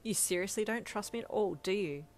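A woman's voice: mid-range voice, brisk, voice pushed up, lightly acted. A woman voicing a weepy imposter woman. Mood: deceptive. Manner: sobbing, then sharp and accusing. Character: shape-shifting villain posing as a weepy woman.

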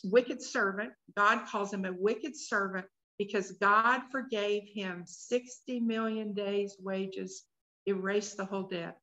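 A woman's voice: medium pitch, pushed and bright. A woman leading a Bible study workshop, reading scripture aloud and stopping to put questions to the group. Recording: dull lo-fi recording.

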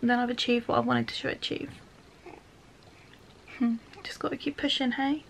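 A woman's voice: on the high side, little pitch movement, normal speed, gravelly, a little hiss or hum. A young woman in her twenties chatting casually at home in a vlog, emotional and laughing often. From England. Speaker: vlogger.

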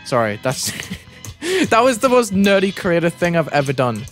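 With soft music in the background, a young British gaming streamer speaks at normal speed in a high voice, faking an American accent over his own. He commentates his game live and gets excitable, yelping and shouting whenever he dies.

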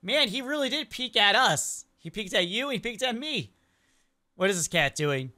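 A woman's voice: mid-range voice, moderate pace. A young woman hosting a reaction video, chatting casually and exclaiming at funny clips. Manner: animated, exclaiming and questioning clips.

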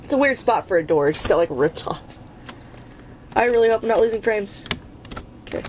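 A woman's voice: medium pitch, lively intonation, brisk, darkish tone, a little hiss or hum. A woman hosting her own gaming channel, giving let's play commentary while she plays, exasperated and swearing at the game, often chanting the same urging words over and over. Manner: chants repeated urging phrases.

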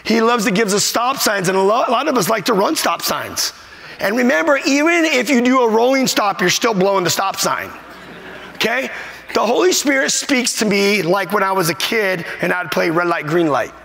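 A man's voice: high-pitched, lively intonation, moderate pace, vocal fry, fairly bright tone. A man preaching a sermon as a pastor, emphatic and repetitive, at times choked up with emotion. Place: church sanctuary. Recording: long hall reverb.

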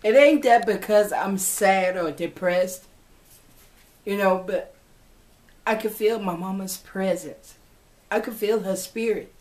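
A woman's voice: mid-range voice, takes it slowly, long pauses, a little mellow. Tearful woman vlogging. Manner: tearful, heartfelt, talks to viewers as y'all. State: crying. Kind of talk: emotional personal vlog.

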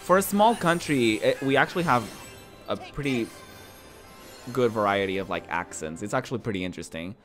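Male streamer, rambling chat, mid-pitched, faint music behind. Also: expressive, a little fast. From northern Portugal. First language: Portuguese. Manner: chatty, rambling, repeats his words. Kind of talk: casual chat while gaming.

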